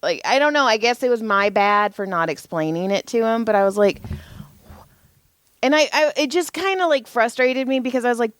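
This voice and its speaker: A woman in her forties telling a profane, animated story on a casual podcast, speaking as a parent. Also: fairly high pitch, moderate pace, no echo. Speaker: podcast co-host.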